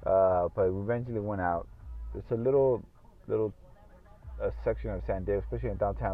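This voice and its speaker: On tinny, phone-like audio, a male podcast host with a lowish voice talks briskly by himself. He rambles, swears openly, and leans heavily on fillers.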